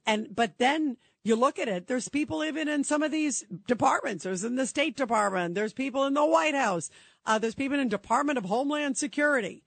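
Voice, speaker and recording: A woman's voice: fairly high pitch, no echo. A woman hosting a call-in radio talk show, emphatic and opinionated, cutting in on callers.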